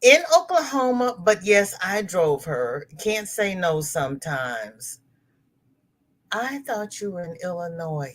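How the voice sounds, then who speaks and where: With a voice on the low side, a woman runs a casual crochet livestream from her laptop. She welcomes viewers by name, reads out their comments, and addresses them as girl, honey and darling.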